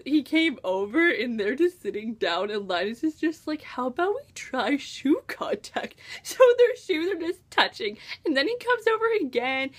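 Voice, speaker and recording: Gushing American teen girl, lively and high. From United States. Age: teens. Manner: gushing, enthusiastic, full of "like" and "oh my gosh". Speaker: book reviewer. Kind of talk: casual book review vlog.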